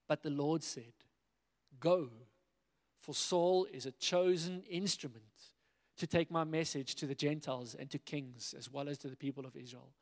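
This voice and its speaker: A man preaching a sermon in a lively way, acting out the dialogue of biblical figures as he retells the stories. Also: a little high, moderate pace. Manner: animated, acts out biblical dialogue in quoted voices. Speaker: pastor. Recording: long hall reverb.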